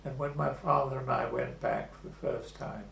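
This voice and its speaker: A man in his eighties recalling the past in an oral history interview, telling his story slowly and with pauses. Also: mid-range voice, little pitch movement, vocal fry, fairly bright tone. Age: 80s. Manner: slow, measured storytelling with pauses. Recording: echoey room with faint hum.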